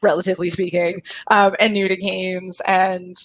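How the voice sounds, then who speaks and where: A woman's voice: lowish voice, little pitch movement, moderate pace, no echo, rough recording. Young woman game dev chatting, tons of likes and little laughs, dry close sound. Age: young adult. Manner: chatty, many fillers, laughs often. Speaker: game developer guest. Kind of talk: casual panel chat.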